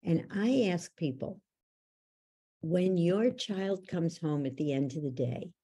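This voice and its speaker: Gravelly, low-voiced woman speaking slowly. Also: dark tone. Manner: emphatic storyteller, acts out voices in anecdotes. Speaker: guest, parenting educator. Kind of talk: conversational podcast interview.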